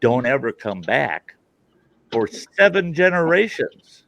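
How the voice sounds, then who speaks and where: A man's voice: mid-range voice, big pitch swings, slow, creaky, fairly bright tone, dry recording, dull audio. A man ranting bluntly in a casual group chat, acting out dialogue as he goes. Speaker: call participant.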